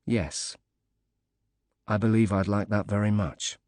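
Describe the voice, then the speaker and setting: Man doing an emotional widowed father, soft, halting, low voice, dry sound. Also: fairly even intonation, no echo, close to an everyday voice. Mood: moved, grateful. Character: emotional, grateful widowed father recovering from injury.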